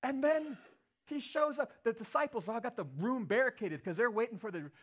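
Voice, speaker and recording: High-voiced man preaching a storytelling sermon. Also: moderate pace. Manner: animated, playful retelling with acted-out quotes. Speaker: pastor.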